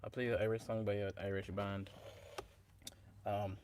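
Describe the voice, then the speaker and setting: A man's voice: fairly low pitch, flat delivery, normal speed, darkish tone, slight background noise. A man, a singer-songwriter, chatting casually and jokingly with his livestream viewers, with lots of hesitations and fillers. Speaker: singer-songwriter streaming live. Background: guitar playing.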